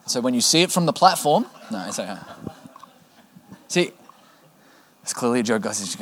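A man's voice: mid-range voice, big pitch swings, normal speed, fairly bright tone, a little hiss or hum. A male preacher reading scripture aloud in a sermon, with casual joking asides to the congregation.

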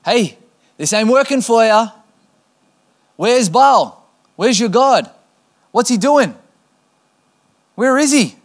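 A preacher acting out a mocking, loudly taunting prophet in a sermon. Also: male voice, very high-pitched, big pitch swings, slow, pauses often, pitched above the performer's own voice, exaggerated voice. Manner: taunting, shouting, sarcastic. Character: mocking prophet taunting rival priests, loud.

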